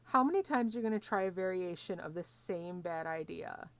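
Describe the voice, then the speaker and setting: A woman's voice: on the low side, expressive, fairly quick, dry recording. Joking woman streamer. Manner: joking, reads dialogue choices aloud with sarcastic asides. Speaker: gaming streamer. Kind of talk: let's play commentary.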